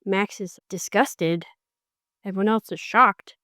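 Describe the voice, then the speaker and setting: A woman hosting a book podcast, giving a casual, animated recap and slipping into characters' lines as she goes. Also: mid-range voice, slow, no room sound, studio quality.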